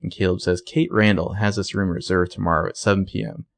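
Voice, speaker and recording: Gravelly man recapping a TV episode. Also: sits low, no room sound. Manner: animated, acts out characters' lines in quick voices. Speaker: podcast co-host. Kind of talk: casual recap chat.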